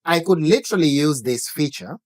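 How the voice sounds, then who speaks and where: A man's voice: fairly high pitch, animated, a little fast. A man co-hosting a live product stream, upbeat and explaining offers step by step in casual chat.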